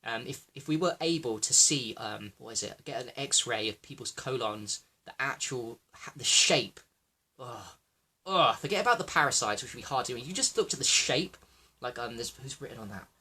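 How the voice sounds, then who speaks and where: A man hosting a livestream, rambling excitably, swearing freely and talking to viewers by name. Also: medium pitch, moderate pace, husky. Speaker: livestream host.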